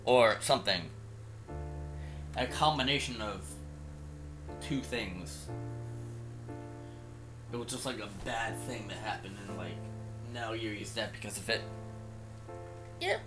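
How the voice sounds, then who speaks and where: A man's voice: on the low side, takes it slowly, pauses often, over music. A man giving casual let's-play commentary, rambling and hesitant, often trailing off. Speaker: gameplay commentator.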